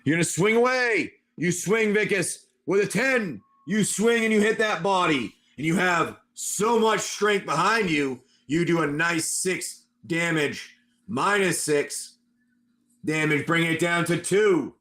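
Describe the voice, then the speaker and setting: A man running a tabletop game on a livestream, narrating dice rolls and combat in an animated, excitable way. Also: sits high, unhurried. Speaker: game master.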